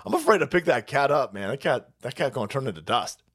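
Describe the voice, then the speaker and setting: A foul-mouthed man in middle age hosts a live stream, his pitch rising and falling a great deal as he rants. He rambles and mocks, then stops to thank viewers for their donations. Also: lively intonation, quick pace, fairly bright tone, husky. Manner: reads donor messages aloud. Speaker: livestream host. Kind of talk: profane political rant and chat reading.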